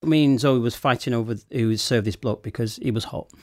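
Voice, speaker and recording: A man's voice: medium pitch, a little fast, no echo, clean studio sound. Chatty man telling stories. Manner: animated storyteller, laughs often. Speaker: wine shop owner. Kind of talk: casual chat.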